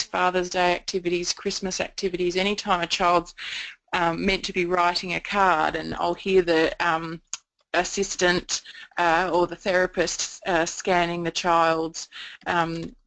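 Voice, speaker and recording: A woman's voice: on the low side, flat delivery, moderate pace, a bit bright, rough recording. A woman giving a training presentation on communication support, explaining her points at length with frequent "um" fillers.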